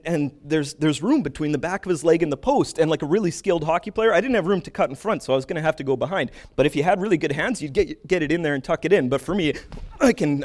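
A middle-aged man from Canada telling a rambling, animated story in a casual way, with many restarts. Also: fairly high pitch.

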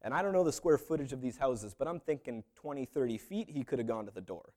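A man's voice: mid-range voice, expressive, fast, dark tone. A man preaching a casual sermon, talking through a Bible story conversationally with joking asides. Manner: conversational, jokey asides, lots of fillers. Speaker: pastor.

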